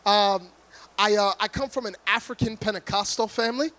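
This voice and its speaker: Brief: high-pitched male preacher from Florida, energetic, comic, loud delivery to a church crowd. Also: fairly quick. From Orlando, Florida, USA. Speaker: guest preacher. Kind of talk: humorous sermon to a congregation. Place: church before a live congregation.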